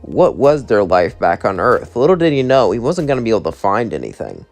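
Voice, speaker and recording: A man's voice: on the low side, very animated, brisk, no echo, soft background music. Rambling male fan storyteller. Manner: rambling, self-correcting. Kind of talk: improvised fan story narration.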